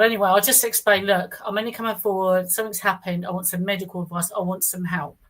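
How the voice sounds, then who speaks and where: A woman's voice: mid-range voice, level tone, fast talker, poor audio. A middle-aged woman, telling her own experience in a rambling, casual way, restarting sentences and acting out what others said. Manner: rambling, restarts often, acts out quoted speech. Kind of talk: casual first-person storytelling.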